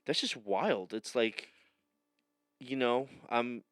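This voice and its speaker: Rambling podcast host with a resonant voice. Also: male voice, mid-range voice, expressive, a bit bright, no room sound. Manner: rambling, halting, jokey, often trails off. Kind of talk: casual chat.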